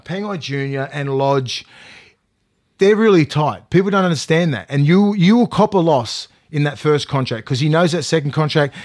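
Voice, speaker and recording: An Australian man, a player, talking sport on a casual podcast, blunt and swearing freely as he rants. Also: fairly high pitch. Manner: blunt, swears a lot, ranting. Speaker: current player and co-host.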